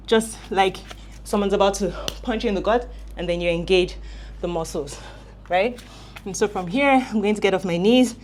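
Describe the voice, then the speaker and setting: A woman's voice: medium pitch, slight background noise. Breathless woman coaching home workouts. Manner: friendly, instructive, demonstrating exercises while talking. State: out of breath during exercises. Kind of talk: casual workout demonstration.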